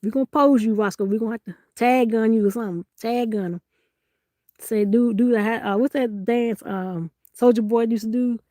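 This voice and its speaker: A woman runs a casual live-stream sale from her phone, joking, teasing and laughing as she reads viewers' comments aloud. Her voice sits a little high and lively. The sound is close and dry, with no room echo. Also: moderate pace.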